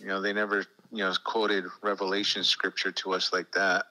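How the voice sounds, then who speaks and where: A man's voice: sits low, monotone, normal speed, pushed and bright, poor audio. A man co-hosting a casual chat in a laid-back way, mostly giving short reactions and the odd story. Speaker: podcast co-host.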